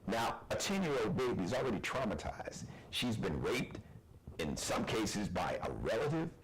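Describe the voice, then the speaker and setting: Animated man hosting a live show. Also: fairly low pitch, moderate pace, a little hiss or hum, rough recording. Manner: passionate, preachy, animated delivery. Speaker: host. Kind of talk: live commentary show monologue.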